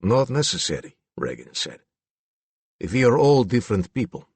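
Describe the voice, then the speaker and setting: A man's voice: sing-song, darkish tone, breathy edge, no echo. A man doing a harsh Slavic-accented tough. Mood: grim. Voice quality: low harsh voice, broken English. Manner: slow, menacing, clipped. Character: hostile Eastern European man, harsh and powerful.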